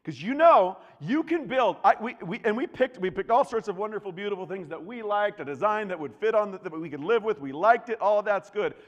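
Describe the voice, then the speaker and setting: A middle-aged man preaching a sermon, telling a story with lively acted-out voices. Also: high voice, fairly quick, hardly any pauses, highs cut off. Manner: animated storytelling, acts out voices. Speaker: pastor. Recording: long reverb of a large hall.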